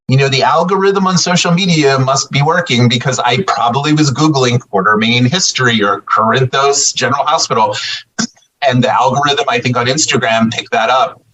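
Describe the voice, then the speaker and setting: A man, a podcast guest, telling a lively story in casual chat and acting out the quoted lines of other people. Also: mid-range voice, distant mic, low-quality recording. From US Northeast. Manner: animated, acts out quoted dialogue.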